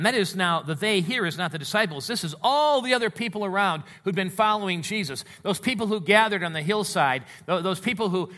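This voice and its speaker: Animated, bright-voiced man preaching. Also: high voice. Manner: conversational, animated Bible exposition. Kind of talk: sermon.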